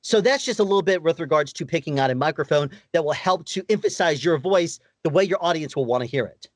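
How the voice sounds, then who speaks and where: Higher-voiced man explaining microphones. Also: lively intonation, quick pace, no room sound. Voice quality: higher-pitched voice. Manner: explanatory, practical, rhetorical questions. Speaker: audio engineer guest. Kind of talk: interview advice.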